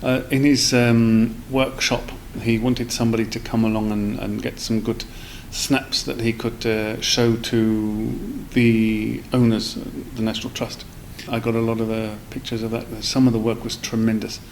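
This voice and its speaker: Gravelly-voiced man telling stories. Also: medium pitch, flat delivery, normal speed, hardly any pauses, a little hiss or hum, poor audio. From South East London. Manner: rambling, with many fillers and restarts. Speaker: guest. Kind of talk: casual storytelling in a podcast interview.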